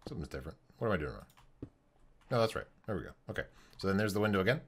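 A man streaming a building game, thinking aloud in a casual, halting way with many pauses. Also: deep voice, very animated, slightly rough. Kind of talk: casual live-stream commentary while building.

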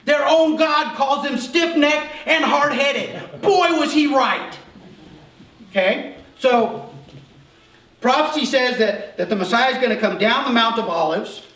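A man preaching a sermon as pastor, telling the story with animated asides and acted-out voices. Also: very high-pitched, slow pace, roomy sound, distant mic, poor audio. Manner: animated storytelling, acts out voices of crowds and leaders. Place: church.

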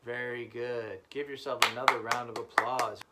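A man's voice: mid-range voice, level tone, moderate pace. Upbeat man teaching kids rhythms. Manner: upbeat, encouraging, chanting rhythm syllables. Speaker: music teacher. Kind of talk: children's music lesson. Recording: loud background noise.

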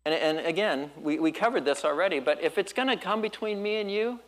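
Male pastor, slightly high voice, easygoing sermon storyteller with surfer slang. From Southern California. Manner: relaxed storytelling with quick laughs.

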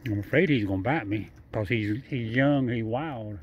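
A husky, slightly high male voice comes through unhurried, with no echo. He's outdoors at night feeding a wild raccoon, coaxing it while chatting on to the camera in nonstandard speech, repeating himself and chuckling.

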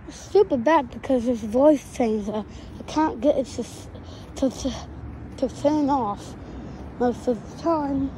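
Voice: high-pitched, background noise. Someone doing a muttering lisping loner through a voice changer. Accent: British. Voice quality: lisp. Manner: grumbling, half-whispered muttering to self. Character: grumpy young drone-tinkering loner living in woods lab. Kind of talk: muttered solo role-play. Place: outdoors in woods.

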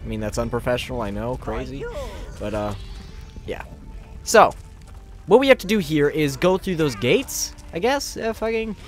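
A man with a hoarse, gravelly voice casually commentating a video game, crude and joking. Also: mid-range voice, very animated, normal speed, pauses often, soft background music. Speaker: gamer. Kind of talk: casual let's play commentary.

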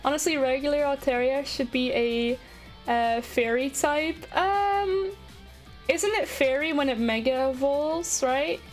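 A woman streams a game live, her voice sitting high as she chats excitedly with viewers. She talks fast and reacts to everything on screen. Faint music plays underneath. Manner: excitable, chatty, talking to chat.

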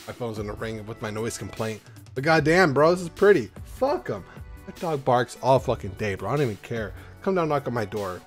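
A man vlogging as he opens trading card packs at home. He rambles, swears freely and now and then breaks into loud, excited whoops. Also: mid-range voice, brisk, soft background music. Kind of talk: casual rambling vlog. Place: at home in an apartment.

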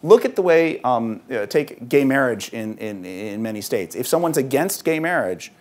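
A man giving a conversational public talk to an audience of parents, speaking in a lively way with frequent ums. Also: medium pitch, moderate pace. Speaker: author and speaker at a parents' event. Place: event hall.

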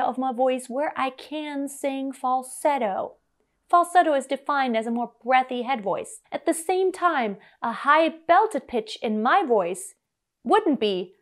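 A woman from Germany, a vocal coach, explaining singing technique in a clear, deliberate way to camera. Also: high-pitched, expressive.

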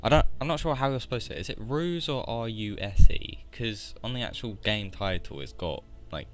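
A man's voice: on the low side, lively intonation, moderate pace, a little hiss or hum. A man, talking casually and rambling through asides while commenting on a video game. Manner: rambling, chatty asides, mild grumbling. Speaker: let's play commentator.

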